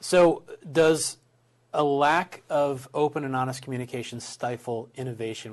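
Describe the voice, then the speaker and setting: A man interviewing a guest, asking questions and giving brief affirmations. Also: mid-range voice.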